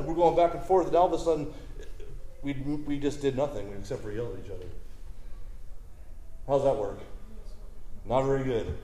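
Man, pastor, casual conversational sermon, mellow tone, echoey hall. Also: mid-range voice, moderate pace, pauses often, slight background noise. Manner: conversational, asks the crowd "right?" often.

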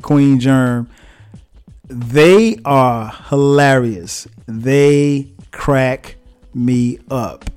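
A man talks casually about a podcast he enjoys, relaxed and hesitant, with plenty of ums. His voice is smooth and resonant, mid-pitched, and faint music plays softly behind him. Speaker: podcast recommender. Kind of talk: casual spoken recommendation.

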